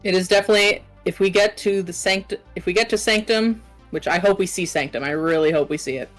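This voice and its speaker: A woman's voice: mid-range voice, fast, soft background music. A woman co-casting an esports match, chatty and agreeable, often laughing between remarks. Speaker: esports co-caster. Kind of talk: live esports casting banter.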